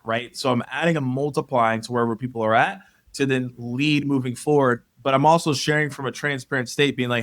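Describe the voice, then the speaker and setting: A man speaking as a guest on a podcast in casual conversation, telling animated stories and acting out what people said. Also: medium pitch, a little fast. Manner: animated storyteller, acts out quotes.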